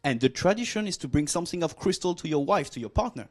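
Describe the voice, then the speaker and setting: A man with a French accent performs stand-up on a comedy club stage, teasing the crowd with mock arrogance. His voice sits fairly high for a man, and he likes to drag out his punchlines. He sounds like someone in his forties who is enjoying himself. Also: animated, fast. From France. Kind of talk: stand-up routine.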